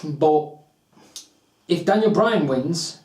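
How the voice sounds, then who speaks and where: A man's voice: on the high side, animated, drawn-out words, darkish tone, far from the mic. Argumentative man in an echoey room. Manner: argumentative, builds points with repetition. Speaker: co-host of a wrestling predictions channel. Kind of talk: casual debate.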